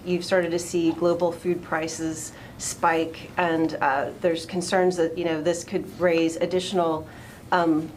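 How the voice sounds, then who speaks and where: Low-voiced woman reporter asking questions. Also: a little hiss or hum. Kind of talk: asking questions at a press briefing.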